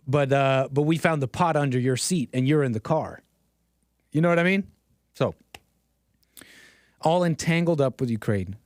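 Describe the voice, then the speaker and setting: A man's voice: mid-range voice, moderate pace, pauses often, no echo. Sarcastic streamer guy riffing to chat, laughs a lot, super dry close sound. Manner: sarcastic, chuckling often; talks straight to chat. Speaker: livestream host. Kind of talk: political commentary livestream.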